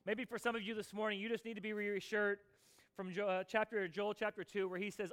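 A man preaching a sermon, earnest, building to emphatic passages and then dropping soft, over soft music. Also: high-pitched, level tone, brisk, clear, resonant tone. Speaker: pastor.

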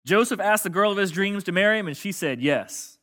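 A male pastor with a bright, slightly high voice preaches in a loose, conversational way, cracking jokes. He leads his congregation through call-and-response lines, and his delivery sounds relaxed and friendly. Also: a little fast. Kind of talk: sermon. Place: church sanctuary with congregation.

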